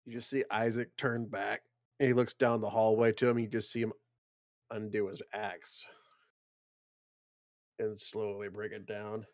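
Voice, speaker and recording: A man playing in an online tabletop game, excitable and quick to swear. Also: lowish voice, no echo, clean studio sound. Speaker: player. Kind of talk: casual tabletop play.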